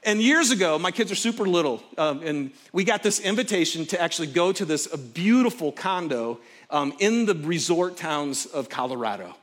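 A middle-aged man preaching a sermon from a stage, telling personal stories expressively and swinging from loud excitement to hushed intensity. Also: a little high, moderate pace. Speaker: pastor. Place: stage before a live congregation.

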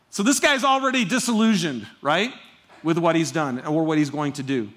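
Man, pastor, sermon, high voice, conversational, emphatic, chatty asides. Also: lively intonation, moderate pace, fairly bright tone.

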